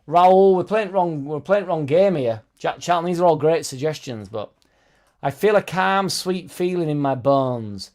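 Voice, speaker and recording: A man's voice: fairly high pitch, animated, moderate pace, a little mellow. Sweary young man, casual chat. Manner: loose, sweary, joking banter. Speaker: host of a football fan live stream. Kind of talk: casual chat, reading live comments.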